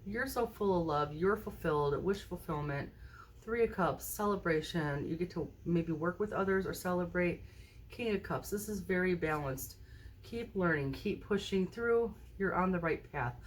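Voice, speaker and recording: A woman doing a casual tarot reading to camera at a table indoors, recorded on a phone mounted high overhead, chatting and often checking in with the viewer. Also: normal speed, a little hiss or hum. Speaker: tarot card reader.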